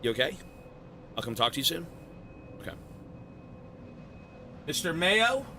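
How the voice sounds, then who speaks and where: A man with a hoarse, worn-out voice chatting casually with viewers on a gaming live stream, loose and swearing. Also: on the high side, sing-song, bright, forceful tone, slight background noise. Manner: slow, loose, swearing banter. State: hoarse, sore throat. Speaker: gaming livestreamer.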